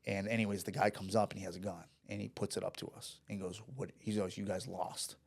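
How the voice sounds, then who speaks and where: A man's voice: fairly low pitch, little pitch movement, fast talker, vocal fry. A man telling a story in a casual chat, rambling and profane, with restarts and acted-out dialogue. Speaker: podcast guest.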